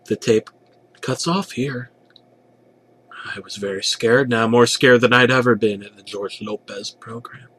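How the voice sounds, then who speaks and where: A man's voice: mid-range voice, fairly even intonation, unhurried, fairly bright tone. A young man narrating a parody creepypasta with a sarcastic, profane delivery.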